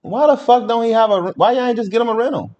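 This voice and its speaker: Fast-talking high-voiced man. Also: dull audio. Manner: animated, blunt, talks to the audience. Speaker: podcast co-host reacting to a story. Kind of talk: casual reaction chat.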